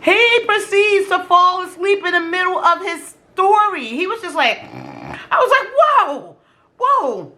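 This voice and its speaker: A middle-aged woman vlogger telling dating stories in casual, animated chat while eating on camera, slangy and quick to exclaim. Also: very high voice. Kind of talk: casual storytelling during a food challenge.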